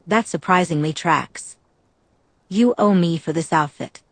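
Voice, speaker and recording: A woman's voice: lowish voice, a little slow, no echo. A woman voicing a wry young female vampire and former agent in a storybook reading, dry and easygoing.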